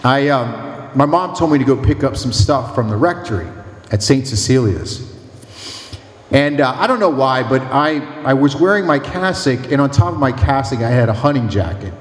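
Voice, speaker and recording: A man's voice: medium pitch, expressive, moderate pace, reverberant, big-room sound. A man who is a priest, delivering a sermon with emphatic, humorous storytelling.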